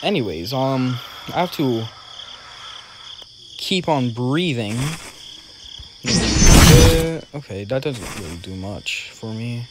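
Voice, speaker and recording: A young man giving casual, excitable gameplay commentary, talking to himself in slang as he plays. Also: medium pitch, slow pace, pauses often, very noisy. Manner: excitable, talks to himself while playing, slangy. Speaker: gaming video creator. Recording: loud game music behind the voice.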